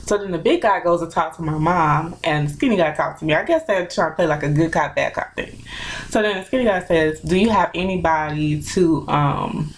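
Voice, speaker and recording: A young woman telling a personal story in a casual, animated, chatty way with lots of fillers. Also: fairly low pitch, a little fast, low-quality recording. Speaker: vlogger.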